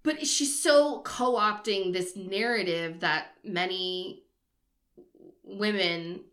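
A woman's voice: medium pitch, extremely slow, fairly bright tone. A woman co-hosting a casual podcast, telling a story in a chatty way and laughing often. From Boston area, US.

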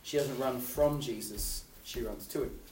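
Animated man preaching in a roomy hall. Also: medium pitch, a little slow, recorded from a distance, a little hiss or hum. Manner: animated storytelling, swinging from loud to hushed. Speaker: youth pastor. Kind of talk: sermon. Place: youth hall.

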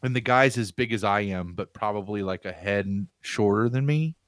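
A man in casual chat, telling an animated, rambling story from his home on a video call. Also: fairly low pitch, normal speed, no room sound, studio quality. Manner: animated, rambling, laughs while telling stories. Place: home room with pinball machines.

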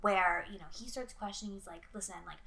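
A woman's voice: mid-range voice, fast, creaky, pushed and bright. A young woman co-hosting a casual podcast about a movie, chatty and swearing freely as she acts out lines from the film. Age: young adult. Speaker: podcast co-host.

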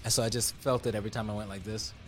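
A man's voice: lowish voice, flat delivery, very fast, faint music behind. A young man in a casual group chat, telling rambling stories and swearing freely.

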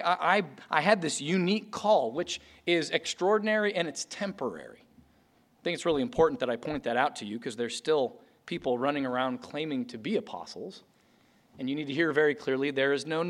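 Man preaching an emphatic sermon. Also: high voice. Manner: earnest, emphatic preaching with repeated restarts. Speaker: pastor. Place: church sanctuary.

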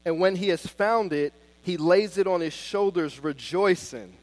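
A man preaching a sermon with fervent emphasis, swinging between loud declarations and soft, hushed pleas. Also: high voice, a little slow, dry recording.

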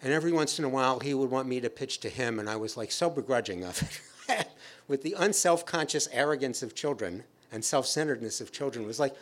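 A man's voice: mid-range voice, animated, fairly quick, a bit bright. Wry man telling a story on stage. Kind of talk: live storytelling performance. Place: stage before a live audience.

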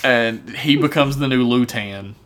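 A man's voice: medium pitch, measured pace, a bit bright. A man co-hosting a casual podcast, recapping a TV episode with sarcastic, profane commentary. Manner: profane, sarcastic, acts out characters' lines. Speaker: podcast co-host.

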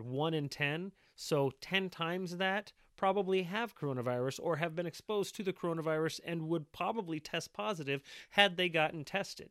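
A man's voice: a little high, no room sound, studio quality. A man making online videos, ranting at length in an angry, insistent, repetitive way. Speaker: video maker. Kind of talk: impassioned ranting monologue.

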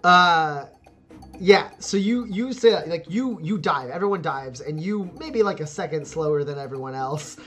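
Slow, laughing tabletop game master. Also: medium pitch, lively intonation, a bit bright. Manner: rambling, filler-heavy narration with frequent laughs.

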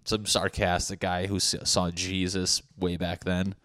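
A man's voice: sits low, completely flat delivery, a little slow, bright, forceful tone, no room sound, studio quality. A man hosting a solo comedy podcast, rambling through profane tangents with laughing asides. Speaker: podcast host.

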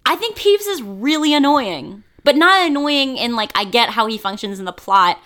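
A woman's voice: a little high, expressive, moderate pace, a bit bright. A woman co-hosting a podcast in casual chat, blunt and opinionated, swearing freely. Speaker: podcast co-host.

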